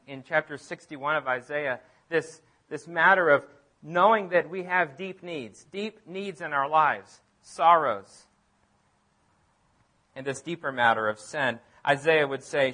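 A man preaching a sermon as pastor, emphatic, repeating phrases and swinging from loud declarations to near-quiet asides. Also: mid-range voice, measured pace.

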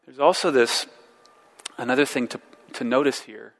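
A man's voice: mid-range voice, normal speed, fairly bright tone, long reverb tail. A man preaching a sermon, earnest and searching, posing rhetorical questions and repeating words as he works through a passage.

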